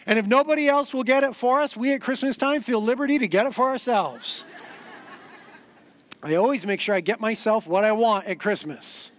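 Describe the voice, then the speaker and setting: A man's voice: very high-pitched, normal speed. A man preaching a sermon as pastor, earnest and growing emphatic, with repeated words as he builds.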